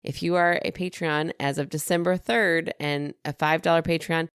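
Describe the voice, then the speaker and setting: A woman's voice: low voice, fairly even intonation, normal speed, fairly bright tone, clean tone, no room sound, studio quality. A woman co-hosting a podcast in casual chat, running through plugs with a chatty, rambling manner. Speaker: podcast co-host.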